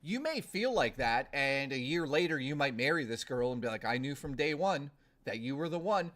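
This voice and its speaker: A man's voice: medium pitch, animated, moderate pace, fairly bright tone. A young man live-streaming in casual chat, ranting bluntly with lots of swearing and rambling restarts.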